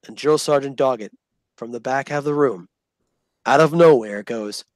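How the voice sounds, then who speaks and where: At a moderate pace and medium pitch, this storyteller casually recounts army basic training for a vlog, swearing freely and acting out quoted voices with animation. There's no echo on the recording.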